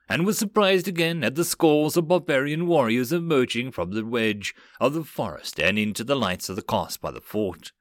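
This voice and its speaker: A man reading a web novel aloud as an audiobook narrator, going straight through the text and lifting his pitch for quoted lines. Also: a bit bright, no echo, clean studio sound.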